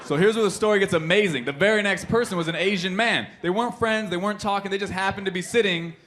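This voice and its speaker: A man's voice: sits high, quick pace. A man performing a stand-up comedy set on a club stage, telling stories with punchy punchlines into a handheld mic. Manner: animated storytelling, punchy punchlines. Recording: live club audience laughter and room noise.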